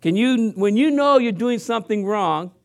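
A man preaches a sermon with a noticeably high voice. He talks to the congregation in a loose, conversational way and asks them questions. He also mimics sounds and voices to drive his points home. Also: lively intonation, moderate pace. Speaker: pastor.

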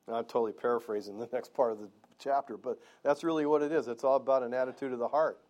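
In a church, a male pastor preaches earnestly and conversationally, often turning to the congregation with questions. His voice is an ordinary middle pitch for a man, steady and a little mellow, and he talks fast with hardly any pauses.

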